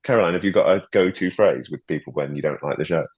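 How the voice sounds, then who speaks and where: A man's voice: low-pitched, fast talker, darkish tone, breathy edge, lo-fi sound. A man from the UK, a stage actor, chatting playfully as a guest on a podcast. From United Kingdom. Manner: playful, chatty, laughs often. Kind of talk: casual podcast chat.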